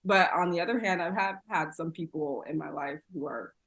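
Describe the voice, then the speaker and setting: A woman with a low, husky voice talks through an easygoing interview, laughing often and filling pauses with "um" and "like." She sounds relaxed and open, as if chatting with a friend. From San Diego, USA. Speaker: podcast guest. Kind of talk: casual interview conversation.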